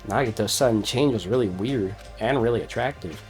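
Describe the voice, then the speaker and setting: A woman's voice: rumbling low, a little fast, a little mellow, faint music behind. A woman co-hosting a game playthrough, reading character dialogue aloud and teasing her partner playfully. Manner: playful, teasing, laughs often. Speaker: let's play co-host.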